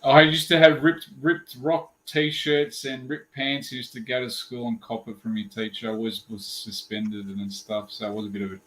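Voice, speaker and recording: A man's voice: mid-range voice, level tone, normal speed, hardly any pauses, a bit bright, rough recording. Australian man, easygoing chat, faint hum. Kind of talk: casual chat.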